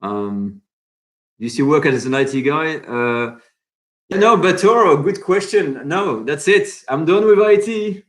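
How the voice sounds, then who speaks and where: A man's voice: fairly high pitch, animated, measured pace, fairly bright tone. A man from France with a French accent, hosting a cooking channel live stream in casual chat, reading out and answering viewer comments. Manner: chatty, reads viewer comments aloud and answers them.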